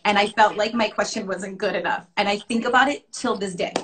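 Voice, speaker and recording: A woman's voice: medium pitch, a little fast. A young adult woman guest in a casual chat, talking in a friendly way with lots of "um" and "like". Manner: chatty, with frequent fillers like "um" and "like". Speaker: guest, interviewer.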